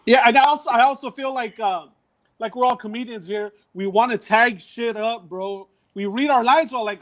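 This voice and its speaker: A man with a high, bright voice tells stories on a podcast. His talk is casual and full of slang and swearing, and he often restarts his sentences. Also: normal speed. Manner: profane, slangy, repeats words when excited. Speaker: comedian and actor.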